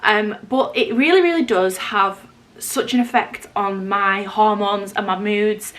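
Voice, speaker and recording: A woman's voice: medium pitch, measured pace, fairly bright tone. A young woman from England vlogging at home in the middle of a house move, chatty and confiding, with lots of fillers and self-interruptions. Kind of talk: casual chat to camera.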